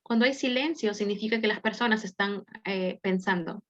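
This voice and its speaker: A woman interprets a lesson phrase by phrase, with small pauses while she picks her words. Her voice comes through slightly muffled, lo-fi call audio. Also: medium pitch, a bit bright. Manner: careful phrasing with small hesitations. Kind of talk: consecutive interpretation. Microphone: video call.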